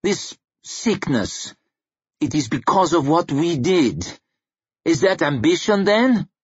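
A man's voice: fairly high pitch, sing-song, takes it slowly, slightly rough, dry recording, voice pushed up, heavily acted. A man voicing a fierce, bitter woman warrior who speaks in a harsh, accusing way. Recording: dry muffled recording.

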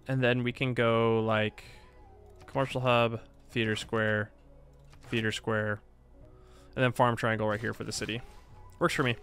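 A man's voice: medium pitch, level tone, measured pace, pauses often, fairly bright tone, smooth, faint music behind. Playful man in mock-annoyed game commentary. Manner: playful, self-mocking, laughs often, mock-annoyed. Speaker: gaming video creator. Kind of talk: casual let's-play commentary.

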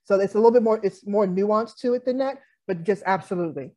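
A woman moderating a panel over a video call, speaking briskly and directly. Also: mid-range voice, dark tone.

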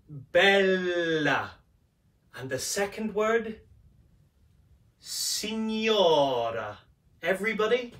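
A man leading a playful vocal warm-up lesson, coaxing and demonstrating by singing. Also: sits high. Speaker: singing teacher. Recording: roomy, from a distance.

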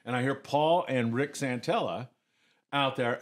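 A man's voice: medium pitch, measured pace. An older man, a retired commercial fisherman, telling stories in a casual podcast chat and acting out other people's lines. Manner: animated storyteller, acts out others' lines in raised voices.

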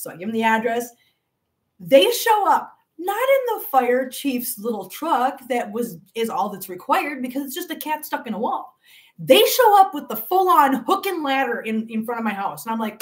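A woman hosting a cat channel live stream, telling a long story to viewers in a chatty, animated way and laughing often. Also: high-pitched, unhurried, recorded from a distance.

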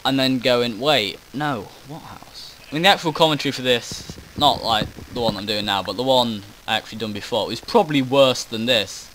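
This man's mid-range voice has a fairly bright tone and a moderate pace, with few pauses. He narrates his own game footage after the fact in a rambling way, breaking off mid-thought and swearing offhandedly. The audio is poor and slightly hissy or humming.

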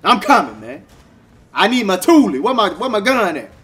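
Hyped young gamer, high and lively. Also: male voice, moderate pace. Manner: hyped, excitable, talks to the game characters. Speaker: gaming streamer. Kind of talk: casual let's-play commentary.

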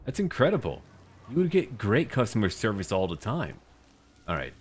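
A man's voice: lowish voice, huge pitch swings, moderate pace, a little hiss or hum. A man giving playful, boastful commentary on a roleplay strategy game campaign and mocking the enemy. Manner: playful, boastful trash-talk of enemies. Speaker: gaming YouTuber.

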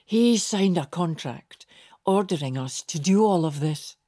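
A blunt, dismissive conspirator lord in armour, put on by a woman narrating the story, speaking slowly with a low, dark voice. His manner is flat, as though nothing is worth his worry. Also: no room sound, studio quality.

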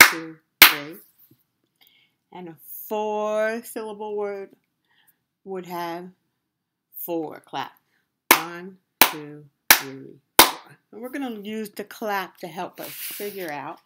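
A woman teaching a video lesson to young children, slow and encouraging, pausing to let them answer. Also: mid-range voice, slight background noise. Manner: slow, sing-song, encouraging, with questions and pauses for answers. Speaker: preschool teacher.

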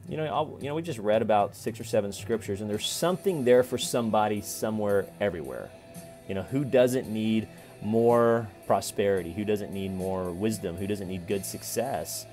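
Casual lower-voiced man musing on scripture. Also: moderate pace, faint music behind. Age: 40s. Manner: conversational and repetitive, with sudden loud playful callouts. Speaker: vlogger reading and reflecting on scripture. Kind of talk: casual Bible reflection.

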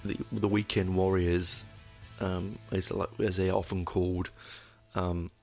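A very deep-voiced man with a gravelly, creaky edge talks through a casual solo podcast episode. He rambles, doubles back on himself often and swears offhandedly. Faint guitar music plays underneath. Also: level tone, a little slow, darkish tone. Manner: rambling, with frequent restarts and swearing. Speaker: podcast host.

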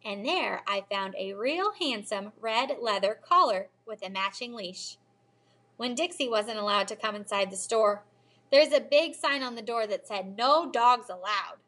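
Lady teacher reading a kids' book out loud, bright and lively, kinda high voice. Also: unhurried. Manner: expressive storytelling, lively character voices. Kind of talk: reading a children's novel aloud.

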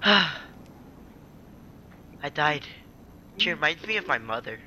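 A man playing a horror game, joking around and shouting in mock panic as he commentates. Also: a little high, animated, slow, slight background noise. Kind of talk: let's play commentary.

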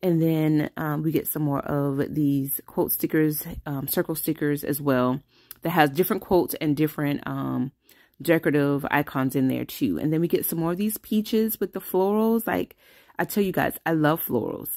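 A woman's voice: low voice, moderate pace, darkish tone, dry recording, clean studio sound. A woman, hosting a casual flip-through vlog and gushing enthusiastically over every page. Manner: gushing, enthusiastic, lots of fillers. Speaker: vlog host.

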